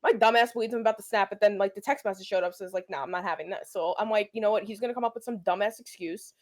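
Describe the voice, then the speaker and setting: Animated New woman telling a story. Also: mid-range voice, racing. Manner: animated, profane, acts out quoted dialogue. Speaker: podcast co-host. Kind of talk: casual storytelling chat.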